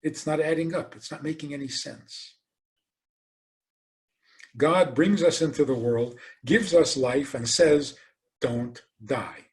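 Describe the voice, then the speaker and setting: A rabbi giving a lecture, telling stories animatedly and asking rhetorical questions. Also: male voice, a little high, a little slow, long pauses. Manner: animated storytelling, acts out quoted voices.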